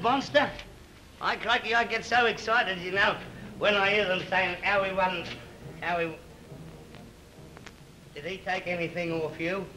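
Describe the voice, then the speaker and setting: An actor playing a jolly, boastful comic king in a 1930s film comedy, chatty and excitable, with an Australian accent. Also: high-pitched, low-quality recording. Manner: chatty, excitable, bossy with cheeky asides. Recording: old film soundtrack with faint hiss.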